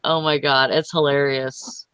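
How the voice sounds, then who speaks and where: Slow-talking, bright, gravelly woman. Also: extremely low pitch, little pitch movement, no room sound. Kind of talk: casual chat.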